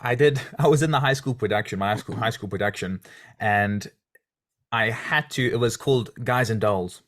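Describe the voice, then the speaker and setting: A man's voice: lowish voice, normal speed, a bit bright. A man from South Africa hosting a podcast, asking questions in friendly, chatty interview talk. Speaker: podcast host. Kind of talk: casual interview chat.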